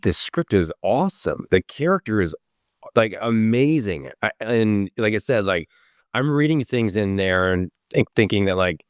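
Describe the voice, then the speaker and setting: Man, actor guest, enthusiastic rambling answers, lowish voice, dry sound. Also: clean tone, no room sound. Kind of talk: casual interview answers.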